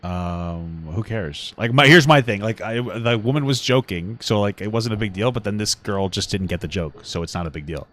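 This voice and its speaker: A man co-hosting a podcast, ranting with a lot of swearing and swinging between low mutters and yelling. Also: moderate pace, few pauses. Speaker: podcast co-host. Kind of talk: casual podcast chat.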